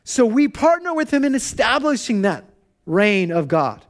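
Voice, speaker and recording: A man in his thirties, a pastor, giving a conversational sermon and telling personal stories in an animated way. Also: very high voice, moderate pace.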